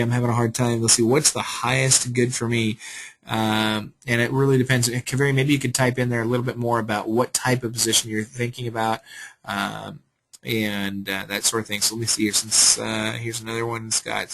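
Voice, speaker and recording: A man's voice: medium pitch, fairly bright tone, low-quality recording. A man hosting a live webinar Q&A, upbeat and salesy, reading out viewer questions and answering them. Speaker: webinar host.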